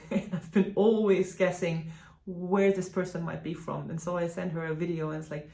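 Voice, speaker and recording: Stitching vlogger, woman, native German speaker, chatty and hesitant, slightly low voice, echoey room. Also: normal speed, mellow. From Germany (Hanover). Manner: chatty, hesitant, many fillers and restarts. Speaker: flosstube host. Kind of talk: casual chat to camera.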